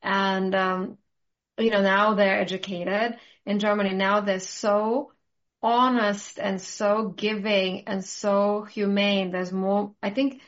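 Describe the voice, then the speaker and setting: A woman's voice: mid-range voice, flat delivery, slow pace. A woman hosting a casual talk, ranting passionately with strong conviction. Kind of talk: casual conversation. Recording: muffled lo-fi audio.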